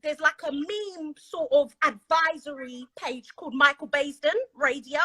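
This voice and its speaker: British woman, very high voice, bright, chatty, dramatic storyteller, casual chat. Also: steady tone, unhurried, low-quality recording. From Britain. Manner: chatty, dramatic, acts out quoted dialogue. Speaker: guest.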